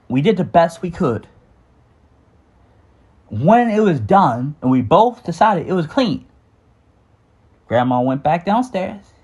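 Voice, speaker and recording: A middle-aged man telling a personal story off the cuff, halting and earnest, with sighs and restarts. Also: mid-range voice, a little mellow, slightly rough, muffled recording. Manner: halting, with frequent fillers and restarts; earnest and sighing. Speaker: memoir storyteller.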